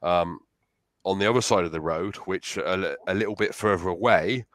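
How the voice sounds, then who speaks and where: A man with a very deep voice rambles through a story on a live stream, stopping often with fillers. The sound is dry, with no room echo. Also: moderate pace, fairly bright tone. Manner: rambling, hesitant with many fillers. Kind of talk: casual live-stream chat.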